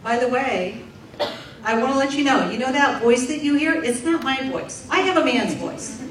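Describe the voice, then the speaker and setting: A woman interpreting a deaf comedian's stand-up set aloud for a live audience, in a lively, animated way. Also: high-pitched, moderate pace, a little hiss or hum. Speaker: sign language interpreter voicing a deaf comedian. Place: large room with a live audience. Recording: echoey distant room recording.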